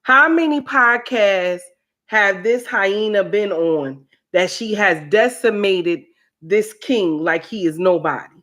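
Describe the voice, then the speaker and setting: Slow, preachy woman on a livestream. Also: medium pitch, animated, fairly bright tone. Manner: preachy, repeats lines for emphasis. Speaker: livestream host. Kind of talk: casual commentary livestream.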